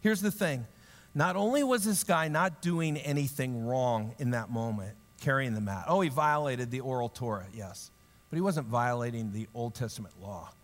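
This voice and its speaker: A man preaching a sermon in a lively, humorous way, acting out the story in voices and then dropping into quiet, earnest reflection. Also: moderate pace, long reverb tail. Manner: drops to a low, quiet, earnest tone. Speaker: pastor.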